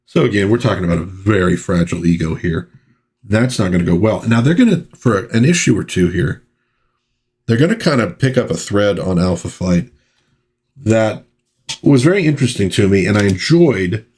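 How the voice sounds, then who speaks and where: A man with a low, deep voice talks through an old comic issue in a loose, easygoing review. He has a husky grain. He rambles with plenty of fillers and reads the dialogue aloud. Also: expressive, moderate pace, darkish tone. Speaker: pop culture channel host. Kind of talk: casual comic book review.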